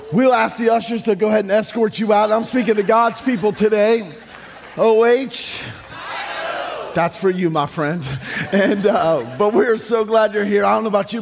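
High-voiced preacher man. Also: vocal fry. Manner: upbeat, joking, sing-song preaching cadence. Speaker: pastor. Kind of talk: sermon. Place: church sanctuary.

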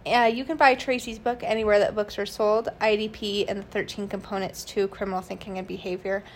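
A woman narrates a true crime case for her podcast at an ordinary middle pitch. She reads loosely from notes, stumbling and restarting with frequent fillers. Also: little pitch movement, brisk, a little hiss or hum. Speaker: podcast host.

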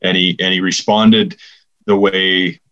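A man co-hosting a casual podcast, talking hockey in an easygoing, halting way with many fillers. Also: deep voice, little pitch movement, sharp tone, highs cut off. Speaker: podcast co-host.

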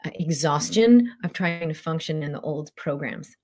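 A woman's voice: deep voice, expressive, moderate pace, a little mellow. A middle-aged woman, a spiritual coach, talking casually and animatedly, full of fillers and acted-out quotes. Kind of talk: casual motivational talk.

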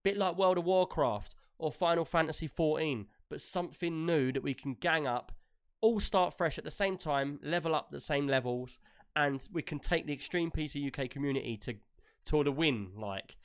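A man's voice: on the high side, normal speed, clear, resonant tone. A man hosting a gaming podcast, chatty and rambling, often laughing. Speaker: podcast host. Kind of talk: casual gaming podcast chat.

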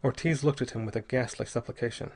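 A man reads a story aloud at an even, measured pace. His mid-pitched voice carries a slight husky grain. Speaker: audiobook narrator. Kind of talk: scripted narration.

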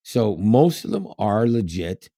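A man's voice: fairly low pitch, lively intonation, a little slow, warm tone, no room sound, studio quality. A man co-hosting a podcast in casual chat, rambling with lots of fillers and frequent laughs. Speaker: podcast co-host.

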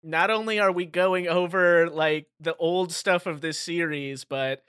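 A man's voice: a little high, fairly even intonation, a little slow, a bit bright, smooth, no room sound, studio quality. A man co-hosting a podcast, laughing easily and hesitant with many uhs as he explains. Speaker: podcast co-host. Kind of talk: casual chat.

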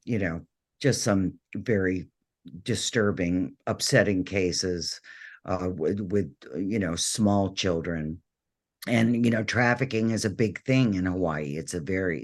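A middle-aged man telling stories as an interview guest, rambling with many fillers and restarts over a video call. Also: low-pitched. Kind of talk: casual interview storytelling.

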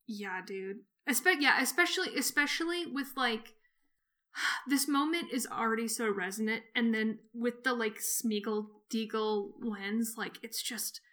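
Bright highish voice woman on a podcast, reads the book slow, super earnest. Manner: earnest and emotional, slow and careful when reading. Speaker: podcast co-host. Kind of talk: casual chat and reading aloud from a book.

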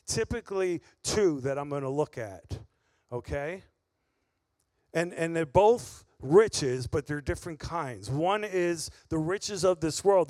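A man with a fairly high, slightly mellow voice preaches a sermon earnestly and emphatically, leaning on heavy repetition of key phrases for weight. The recording has no room sound.

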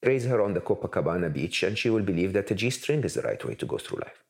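Low-voiced man giving emphatic interview answers. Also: very animated, fast talker, vocal fry, a little mellow. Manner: emphatic, repetitive lists for effect. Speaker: interview guest.

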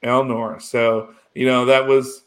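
A man in casual conversation, rambling through a story with plenty of fillers and restarts. His voice sits at an ordinary middle pitch, and he gets emotional as he goes. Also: level tone, takes it slowly. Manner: rambling, full of "you know" and restarts, emotional. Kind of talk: casual chat recapping a TV episode.

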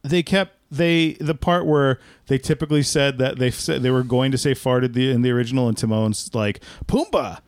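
A man's voice: mid-range voice, steady tone, moderate pace, few pauses, clear, resonant tone, no room sound. Guy cohost doing wry movie trivia, mid voice, dry close mic. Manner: wry, trivia-sharing, frequent restarts. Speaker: podcast co-host. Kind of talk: casual movie review chat.

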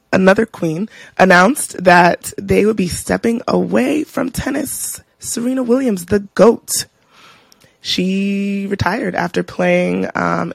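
Woman podcast co-host, gravelly voice, dry close sound, expressive casual chat. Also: on the low side, no echo. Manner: expressive, animated storytelling.

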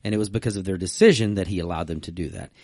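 A man's voice: low voice, very fast, darkish tone, no room sound, clean studio sound. A man co-hosting a casual faith discussion, telling stories and reading scripture aloud. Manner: reads scripture aloud, acts out voices in quotes. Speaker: podcast co-host.

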